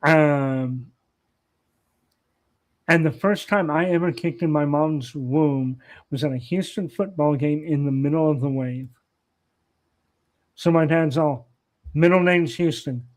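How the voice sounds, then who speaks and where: A man's voice: on the high side, slow pace, long pauses. A man on a podcast as a guest, telling family stories in a casual, rambling way with plenty of fillers and restarts. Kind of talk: casual anecdotal storytelling.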